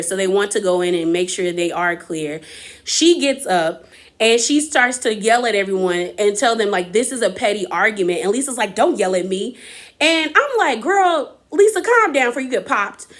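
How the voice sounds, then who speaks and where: A woman with a medium-pitched, fairly bright voice gives a chatty, opinionated recap of a reality show, acting out lines from the cast in casual commentary.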